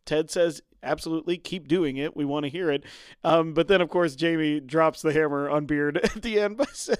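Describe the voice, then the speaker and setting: A man's voice: a little high, normal speed, clean tone, dry recording. Dry-miked man chuckling through recaps. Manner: chuckles often while retelling scenes. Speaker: podcast co-host. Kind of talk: casual chat recapping a TV episode.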